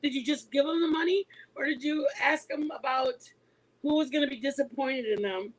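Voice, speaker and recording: A woman in her forties, a mother, telling a story to her online viewers in a casual, animated way. She is emphatic and laughs often as she talks. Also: sits high, a little fast, rough recording. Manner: animated and emphatic, insisting she is not lying.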